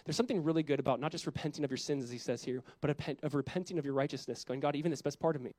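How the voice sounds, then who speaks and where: A man's voice: fairly high pitch, rapid-fire, a little mellow, dry recording, rough recording. Earnest man preaching a sermon. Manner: earnest, conversational preaching with rising intensity. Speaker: pastor.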